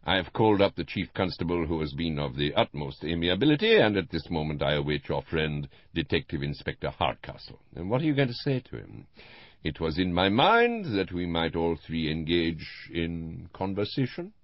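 Elderly detective, theatrical, precise, read by a man, lively, dry sound. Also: low-pitched, moderate pace, dry recording, highs cut off. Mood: teasing. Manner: precise, theatrical, with French phrases. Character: fussy elderly male Belgian detective, playful.

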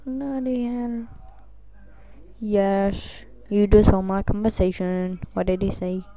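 A woman's voice: medium pitch, fairly even intonation, slow pace, warm tone. A woman giving goofy, crude let's play commentary, yelping and squealing at mishaps in the game. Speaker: gameplay commentator.

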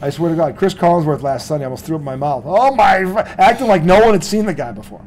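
A man's voice: a little high, animated, fast, darkish tone, slight background noise. A male sports talk host from the Boston area, ranting heatedly with lots of swearing and laughing mid-rant.

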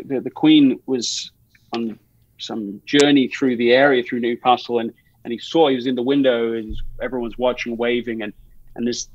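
In a conversational podcast interview, a male guest with a mid-range voice wanders through an anecdote, restarting often and using many fillers. There's no room sound, and the audio is dull.

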